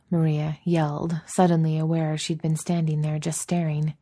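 A woman narrating a story as an audiobook reader, in a steady, even storytelling manner. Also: sits low, normal speed, few pauses, no room sound, studio quality. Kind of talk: narrating a fan fiction story.

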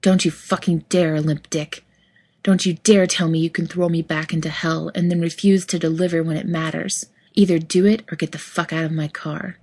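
A woman's voice: sits low, fairly even intonation, moderate pace, a little mellow, slightly rough. A woman reading the lines of a hot-tempered young man who swears and bites out his words, in an audiobook of fiction. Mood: furious, shouting. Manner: blunt, swearing, biting.

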